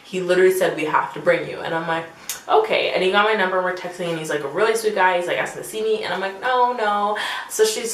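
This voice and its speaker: Young woman telling an animated story. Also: fairly low pitch. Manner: animated, acts out quotes, many "like" fillers. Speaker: vlogger. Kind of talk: storytime vlog. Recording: echoey room with faint hum.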